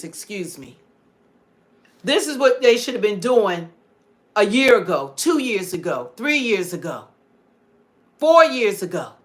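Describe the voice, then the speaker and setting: Lady ranting on her livestream, kinda high voice, hammers the same point over and over. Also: fairly bright tone. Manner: emphatic, repetitive, preachy. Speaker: livestream host. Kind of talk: political commentary livestream.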